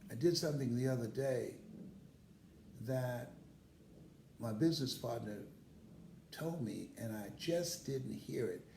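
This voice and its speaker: A man's voice: medium pitch, unhurried, gravelly, long pauses, dark tone, reverberant, slight background noise. An older man, a motivational speaker, telling personal stories in a casual live stream and laughing heartily as he talks.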